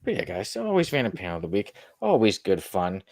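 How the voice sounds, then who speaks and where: Lively, animated male podcast co-host. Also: fairly low pitch, quick pace, creaky, no echo, studio quality. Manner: animated, laughing, teasing. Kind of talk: casual chat.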